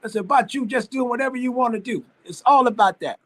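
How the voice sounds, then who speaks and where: A man's voice: very high-pitched, fast talker, fairly bright tone. A man hosting a live stream interview over a video call, encouraging his guest and calling him brother. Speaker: interview host.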